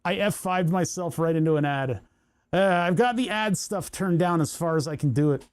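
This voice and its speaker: A man's voice: a little high, normal speed, a little mellow, clear, resonant tone. A man hosting his electronics hobby channel, chatting casually at his workbench in a rambling way with sarcastic asides and many restarts. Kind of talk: casual workbench chat to camera.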